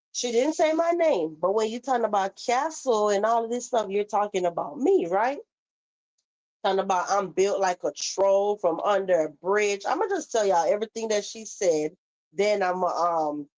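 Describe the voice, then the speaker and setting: A woman's voice: mid-range voice, a little mellow, poor audio. A woman hosting a casual livestream, chatting straight to her viewers in a sassy, talkative way. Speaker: livestream host. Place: Florida home.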